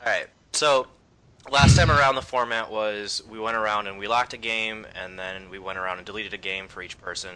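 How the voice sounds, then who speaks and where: A man hosting a casual podcast discussion, relaxed, leading the talk with frequent ums. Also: fairly low pitch, a little fast, clear, resonant tone. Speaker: podcast host.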